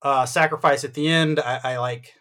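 A man talking casually on a podcast, rambling and getting animated as he tells a story. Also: medium pitch, moderate pace. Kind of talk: casual movie ranking chat.

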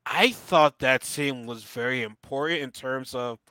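A man's voice: mid-range voice, unhurried, clean tone, no room sound. A man co-hosting a podcast, talking casually and animatedly about a show, laughing and acting out lines he quotes. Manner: animated, laughing, swearing, mock-quoting characters. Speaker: podcast co-host. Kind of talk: casual chat reviewing a show.

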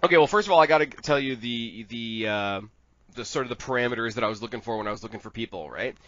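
A man's voice: mid-range voice, fast, a bit bright, no echo. A man in a casual fan-casting chat, rambling and crude, laughing often. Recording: dull lo-fi sound.

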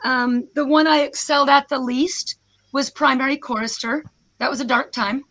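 A hoarse American woman speaks high and bright, with a snarky, self-deprecating wit. She is a professor presenting over a video call, her worn voice still carrying a crisp edge. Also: steady tone, moderate pace. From United States.

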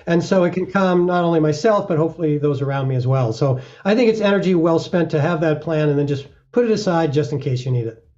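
A middle-aged man talks earnestly as an interview guest, slipping into little acted-out examples. His voice is mellow and a little high for a man, heard through a dull, lo-fi recording. The pace is steady and reflective. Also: fast. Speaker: mountaineer guest.

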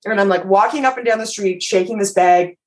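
A woman on a podcast tells a story in an animated, self-mocking way. Her voice sits in a middle register, and she swears casually and breaks into laughter as she goes. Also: medium pitch, a little fast.

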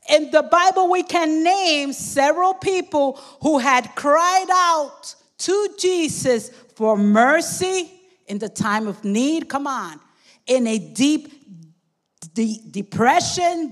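A woman preaching a sermon with fervor, often calling out to her congregation and at times shouting. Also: high-pitched. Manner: fervent, calls out "come on" and "amen" to the congregation, sometimes shouting.

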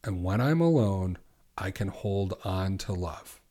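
Earnest low-voiced male coach. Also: lively intonation, mellow. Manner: earnest, questioning, slows down for affirmations. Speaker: podcast host, recovery coach. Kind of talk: coaching monologue.

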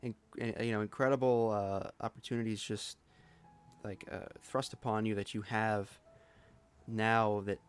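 Male host, low resonant voice, casual and reflective. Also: level tone, normal speed, clean tone. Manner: reflective, thinking aloud. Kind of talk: casual conversation.

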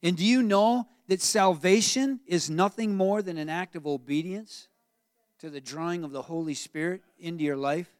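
A male pastor preaching to his congregation, his voice sitting high for a man. He tells the story with animated asides and keeps asking the room questions. The sound is dry and close. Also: moderate pace, dry recording. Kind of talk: sermon.

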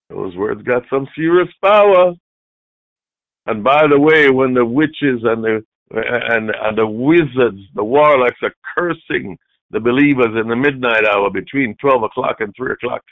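A man preaching a sermon, swinging from shouted outbursts down to hushed, low asides. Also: measured pace, vocal fry, no room sound. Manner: dramatic preaching, shifts from loud shouted mimicry to low near-whispers. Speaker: pastor. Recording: dry tinny phone-like sound.

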